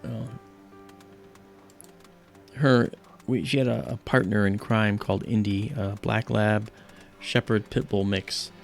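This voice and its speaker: A man hosting a live stargazing stream, telling rambling, animated stories with many fillers and pauses. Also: lowish voice, vocal fry, faint music behind. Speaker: livestream host. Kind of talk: casual storytelling during a live stargazing stream.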